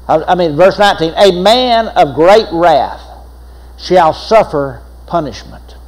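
A man's voice: fairly high pitch, expressive, a little slow, poor audio. An older man, preaching a sermon as pastor, telling folksy stories with laughs and repeated phrases.

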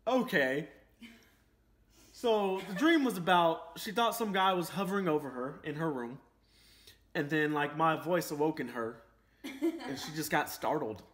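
A man's voice: on the high side, very animated, a little slow, a bit bright. A man chatting to the camera, telling a story and acting out the quotes. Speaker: vlogger. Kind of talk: casual storytelling. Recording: echoey room.

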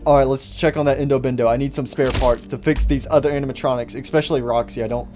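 Brief: goofy male gaming host, stammering casual commentary, mid pitch. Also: steady tone, fast, darkish tone, faint music behind.

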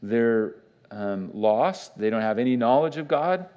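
A man's voice: medium pitch, animated, a little slow, smooth, muffled recording. A man, a pastor, giving a conversational Bible teaching in church, with fillers and restarts.

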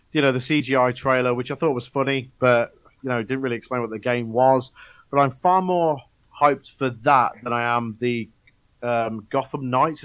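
A man's voice: mid-range voice, fairly bright tone. A man co-hosting a casual gaming podcast chat, blunt and exclaiming, with some swearing. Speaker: podcast co-host.

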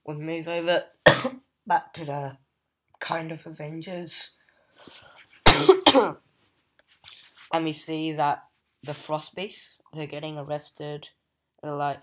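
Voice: mid-range voice, steady tone, slow, pauses often, a bit bright. A young adult comic book reviewer giving a casual, hesitant plot recap full of fillers. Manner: hesitant, many fillers and "just like".

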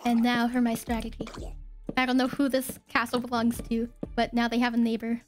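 Young woman gamer, high voice, giggly, excitable, casual commentary, faint music behind. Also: brisk. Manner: excitable and giggly, talks to herself. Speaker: gaming video creator. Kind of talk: casual let's-play commentary.

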